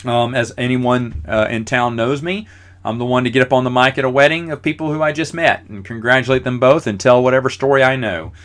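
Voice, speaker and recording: A man's voice: medium pitch, fairly bright tone. A man in his forties hosting a podcast, telling rambling, self-deprecating stories with lots of fillers. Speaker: podcast host. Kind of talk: casual storytelling.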